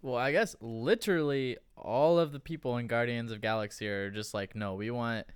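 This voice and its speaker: A man's voice: medium pitch, moderate pace, clear, resonant tone, dry recording. A man co-hosting a podcast, chatting casually and teasing his partner with dry jokes. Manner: joking, teasing, brief backchannels. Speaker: podcast co-host. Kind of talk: casual chat.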